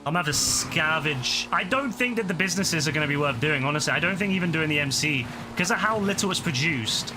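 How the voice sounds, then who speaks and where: On the high side and animated, this streamer talks fast with few pauses. He's tired and frustrated, exclaiming at the game and to himself as his voice starts to crack. It's live gameplay commentary with game noise clearly heard behind him.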